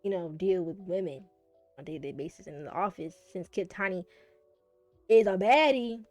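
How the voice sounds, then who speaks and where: A woman recapping a romance manga on her channel, casual and profane, gushing and swinging between loud and soft. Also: fairly low pitch, a little fast, faint music behind. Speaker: manga reviewer.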